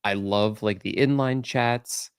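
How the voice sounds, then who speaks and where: A man co-hosting a podcast, chatting casually in a relaxed, rambling way with many fillers. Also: on the low side, slow, clean tone, no echo, studio quality. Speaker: podcast co-host. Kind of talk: casual chat.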